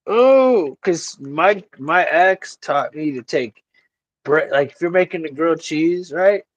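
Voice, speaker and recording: A man's voice: a little high, lively intonation, slow pace, no echo, lo-fi sound. A man chatting loosely as a livestream guest over a video call, swearing and joking. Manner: loose, profane and jokey. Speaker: stream guest. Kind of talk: casual livestream chat.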